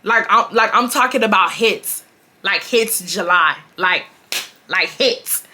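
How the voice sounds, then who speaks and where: Woman in her 20s telling a story, bright voice, lots of "like" and "y'all". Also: mid-range voice, takes it slowly, soft background music. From Houston, Texas. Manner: animated, filler-heavy retelling addressing viewers. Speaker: storytime vlogger. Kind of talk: casual storytelling.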